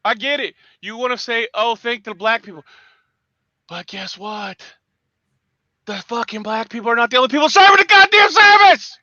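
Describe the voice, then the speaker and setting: A man hosting a morning livestream, swearing through angry, shouting tirades. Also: extremely high pitch, normal speed, dry recording, muffled recording. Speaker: host. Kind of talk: profane morning livestream rant.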